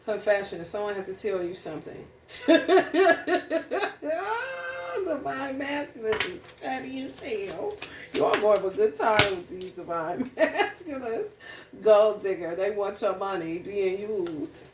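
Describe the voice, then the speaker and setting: A woman's voice: medium pitch, lively intonation, moderate pace. A woman giving a casual astrology reading that turns into a blunt, heated rant full of profanity. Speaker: astrology reader. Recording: echoey room, distant mic, faint noise.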